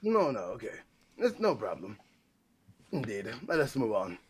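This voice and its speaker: Guy doing a snooty fake-fancy gentleman voice, overly formal, bouncy pitch all over, kinda high. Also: wildly swooping pitch, fast talker, a little hiss or hum, exaggerated voice. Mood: haughty. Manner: overly formal, mock-posh diction. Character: pompous stuffy fancy gentleman, adult man. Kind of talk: comedic bit on a livestream.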